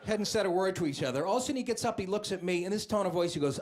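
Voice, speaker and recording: A man's voice: high voice, lively intonation. A man doing a stand-up set in a comedy club, telling brash, profane stories and acting out the people in them. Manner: brash, profane, fast storytelling with acted-out voices. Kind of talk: stand-up routine. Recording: club set with crowd laughter.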